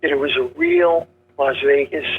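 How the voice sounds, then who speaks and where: An older man telling comedy stories in a punchy, joke-driven way, acting out gruff characters. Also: fairly high pitch, fairly even intonation, normal speed, narrow, tinny audio. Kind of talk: casual storytelling interview.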